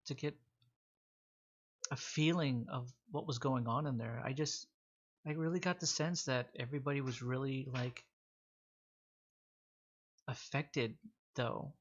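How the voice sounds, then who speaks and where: A man voicing a soft-spoken, hesitant female healer in a tabletop game. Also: rumbling low, unhurried, pauses often, husky, full character voice. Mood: uncertain. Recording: dull lo-fi audio.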